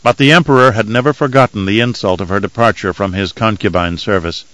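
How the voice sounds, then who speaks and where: A man reading an audiobook in measured, even scripted narration. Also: lowish voice, no echo, low-quality recording.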